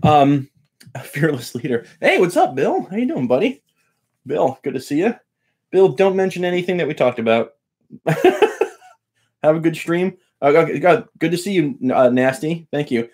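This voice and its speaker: A man's voice: fairly high pitch, unhurried, a little mellow. Chatty man hosting a guitar live stream. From Long Island, New York. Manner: chatty and joking, greets viewers by name. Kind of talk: casual live-stream lesson and chat.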